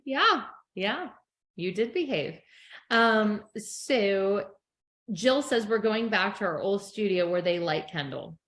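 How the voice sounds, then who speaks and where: A woman's voice: medium pitch, animated, slow pace, a bit bright. A middle-aged woman co-hosting a podcast in casual chat, telling stories and acting out quotes with frequent laughs. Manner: chatty storyteller acting out quotes, laughs often. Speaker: podcast co-host. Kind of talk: casual chat recapping a reality show.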